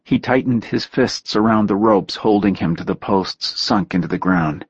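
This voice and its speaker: A man reading a story aloud in a steady, measured narration. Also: lowish voice, slightly rough, no echo, muffled recording. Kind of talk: audiobook narration.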